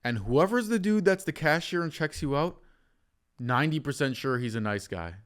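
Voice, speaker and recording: A man hosting a podcast, telling an animated, joking story in casual conversation. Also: on the high side, normal speed. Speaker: podcast host.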